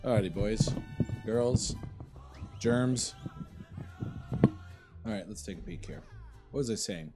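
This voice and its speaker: A man co-hosting a slots stream, chatting casually and shouting when excited. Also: on the low side, slow, long pauses, loud music behind the voice. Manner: excitable, shouts at big moments.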